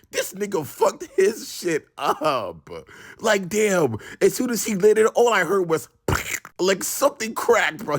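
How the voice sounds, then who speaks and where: A young man telling a casual storytime in an animated, slangy way, swinging from loud and excited to hushed. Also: high-pitched, creaky.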